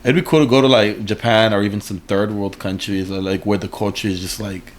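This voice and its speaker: A man's voice: fairly low pitch, steady tone, brisk. A man in a casual interview, rambling with lots of fillers and slang. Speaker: artist guest.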